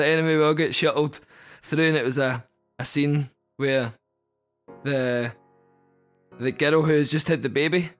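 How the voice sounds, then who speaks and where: A man's voice: mid-range voice, steady tone, normal speed, faint music behind. A Scottish man telling a funny story in casual chat, laughing often. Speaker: guest. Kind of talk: casual anecdote.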